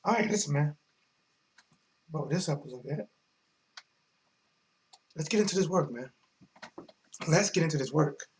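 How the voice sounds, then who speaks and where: A man hosting a casual sports live stream, talking in animated, slangy bursts that swing between mumbling and shouting. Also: fairly high pitch, moderate pace, pauses often, slight background noise. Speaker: sports vlog host.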